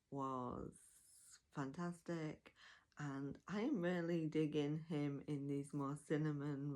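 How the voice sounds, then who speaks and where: Slow, gravelly-voiced woman reviewing audiobooks. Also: low voice, darkish tone. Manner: chatty and enthusiastic, with laughs, fillers and self-corrections. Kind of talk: casual spoken review.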